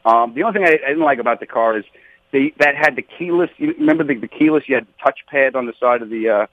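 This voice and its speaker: Animated New comedian on a phone line. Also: male voice, fast talker, no echo. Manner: animated, acts out quotes with big pitch jumps. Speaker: stand-up comedian, guest. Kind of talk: storytelling in a radio interview.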